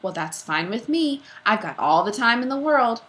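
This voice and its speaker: Gruff storybook principal played by a woman, loud and suspicious, bright tone. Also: fairly high pitch, very animated, normal speed, pitched above the performer's own voice. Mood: interrogating. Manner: barking, loud interrogating.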